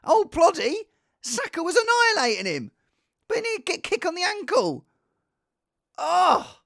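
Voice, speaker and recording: A man's voice: very high-pitched, wildly swooping pitch, moderate pace, vocal fry, sharp tone, dry recording, clean studio sound. A man hosting a casual show, rambling in a self-deprecating way in front of a green screen. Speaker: podcast host. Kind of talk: casual chat. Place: home set with green screen.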